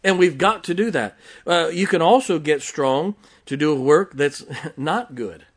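A man's voice: a little high, a little slow. A man preaching a sermon as pastor, emphatic, with rhetorical questions, joking asides and check-ins with the congregation.

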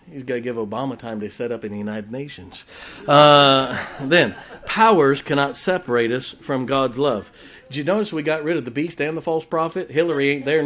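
A man preaching a sermon in a folksy, joking way, with sudden shouted exclamations. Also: medium pitch. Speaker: pastor.

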